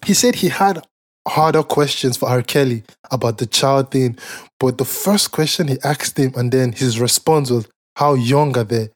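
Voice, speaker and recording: This man co-hosts a podcast, telling meandering stories laced with profanity, frequent fillers and laughs. He talks at a moderate pace in a mid-range voice.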